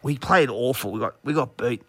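An Australian man in his forties, a former rugby league player, telling animated stories in a casual podcast chat. He acts out shouting coaches and laughs often. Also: mid-range voice, brisk, slightly rough, no room sound.

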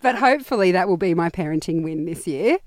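An Australian woman hosting a podcast, chatty and encouraging, quick to laugh. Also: fairly low pitch, lively intonation, dry recording. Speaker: podcast host. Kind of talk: casual chat.

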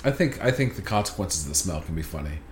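A man's voice: sits low, lively intonation, quick pace, roomy sound. A man as a podcast guest in casual chat, laid-back and blunt with crude humor.

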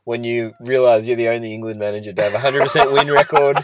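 An Australian man talking as a podcast host in a mid-pitched, everyday voice. He rambles easily and breaks into laughter often. The sound is close and dry, with no room around it. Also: fairly even intonation, fast talker, no room sound. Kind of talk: casual sports chat.

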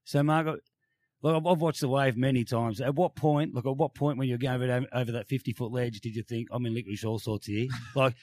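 A man's voice: mid-range voice, steady tone, a little mellow, no echo. A man co-hosting a studio show, firing off eager questions. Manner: eager, quick-fire questions. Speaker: show co-host. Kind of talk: casual interview hosting.

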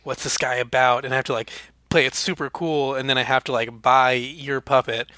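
A man's voice: medium pitch, fairly even intonation, fairly quick, pushed and bright, no room sound. A young man co-hosting a podcast, rambling through silly jokey bits in casual chat. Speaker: podcast co-host.

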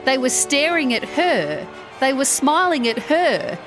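A woman hosting and narrating a story podcast with expressive delivery. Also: sits high, measured pace. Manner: expressive, rising with excitement. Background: background music.

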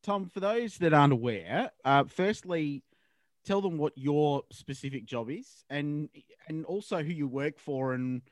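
A man's voice: on the high side, animated, measured pace, no room sound, clean studio sound. An Australian man interviewing guests in a casual, friendly way. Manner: friendly, uses "mate".

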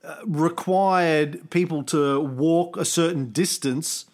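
A man's voice: a little high, fairly even intonation, takes it slowly, darkish tone. A man hosting a history podcast, telling the story in an irreverent, swearing, comic way with wry asides. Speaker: podcast host.

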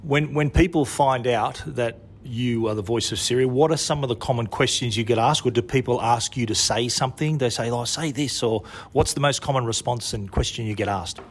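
A man's voice: mid-range voice, a little fast, few pauses, husky. A man hosting a tech podcast, chatting with a guest and reading sponsor spots in a friendly, upbeat way. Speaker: podcast host. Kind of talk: tech podcast interview and ad reads.

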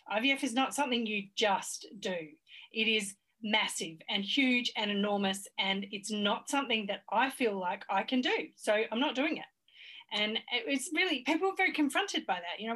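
A woman's voice: a little high, expressive, moderate pace, a bit bright. A woman in her forties with an Australian accent, a guest on a podcast interview, telling stories frankly and with emphasis. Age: 40s. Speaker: fertility coach guest.

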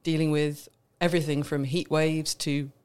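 A woman's voice: deep voice, flat delivery, moderate pace, darkish tone, smooth. A woman from Britain co-hosting a casual podcast chat, explaining in detail and laughing often. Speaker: wine expert co-host.

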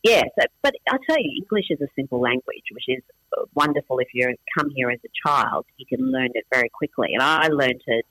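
A middle-aged man, born in Iran with Farsi as his first language, now speaks with an Australian accent as a casual interview guest. His medium-pitched voice is bright and forceful, with lively intonation and a fairly quick pace. He's self-deprecating and full of restarts and fillers, recorded with no room sound but in low quality.

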